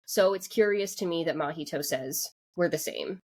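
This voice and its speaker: A woman's voice: lowish voice, moderate pace. A woman co-hosting a podcast, talking through an anime episode in casual chat with lots of "like" fillers and restarts. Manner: rambling, full of "like" fillers and restarts. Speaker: podcast co-host.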